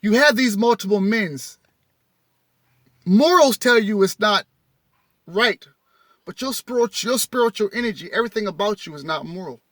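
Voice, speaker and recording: Man, bright voice, reading aloud, preachy asides, rereads and self-corrects, dry recording. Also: high voice, animated, normal speed, pauses often, no room sound. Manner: rereads passages, stumbles and corrects himself; addresses listeners directly in casual vernacular. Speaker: spiritual teacher reading and commenting.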